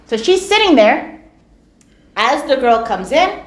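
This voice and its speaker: Animated woman lecturing in an echoey hall. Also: sits high, measured pace. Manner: animated, acts out quoted voices, repeats words for emphasis. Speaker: Islamic lecturer. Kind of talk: storytelling religious lecture.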